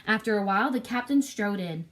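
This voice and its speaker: A woman narrating a classic adventure story in a clear, measured reading voice. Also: medium pitch, lively intonation, fairly bright tone.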